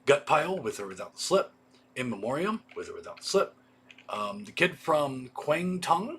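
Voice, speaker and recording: Reading off a list of titles on a casual livestream, a man who hosts for a video store tosses in offhand remarks as he runs down the products. His mid-range voice has a sharp tone, with a little hiss or hum in the audio.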